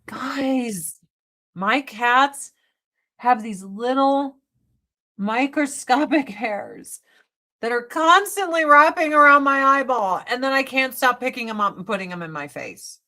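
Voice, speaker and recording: A woman's voice: high-pitched, lively intonation, takes it slowly, bright, forceful tone. A woman hosting a casual livestream, chatting bluntly and profanely while she does her makeup and answers viewer comments. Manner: blunt and profane, with frequent swearing. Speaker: livestream host.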